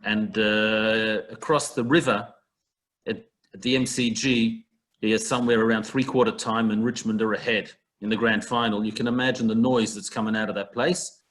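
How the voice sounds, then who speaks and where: Over a video call, a man teaches a Talmud passage in an online text study class, talking it through conversationally with everyday comparisons. His voice sits on the low side, with a steady tone, moderate pace and a slightly bright quality.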